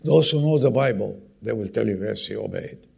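A man's voice: on the low side, expressive, fairly quick, gravelly, darkish tone, slightly rough. A man preaching a sermon who stresses key words by repeating them and puts direct questions to the congregation.

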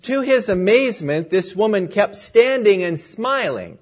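A man's voice: high-pitched, big pitch swings, measured pace. A male pastor opening in prayer and telling a story as he preaches a sermon.

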